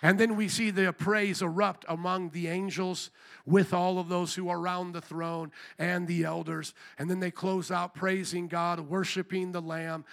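A man preaching a sermon with a high, bright, forceful voice. He drives his points hard and lifts into emphatic calls for amen and hallelujah. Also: little pitch movement, normal speed, gravelly. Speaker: pastor.

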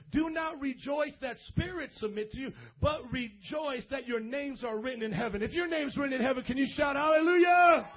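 A man preaching an energetic, slang-filled sermon at a church service, often breaking into shouts. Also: extremely high pitch, husky, muffled recording. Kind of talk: lively youth sermon.

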